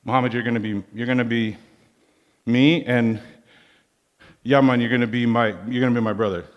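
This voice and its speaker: A man's voice: medium pitch, fairly even intonation, fairly quick, dull audio, close to an everyday voice. A man voicing his older uncle with a heavy Jamaican accent, giving commanding, insistent advice. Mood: stern. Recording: long hall reverb.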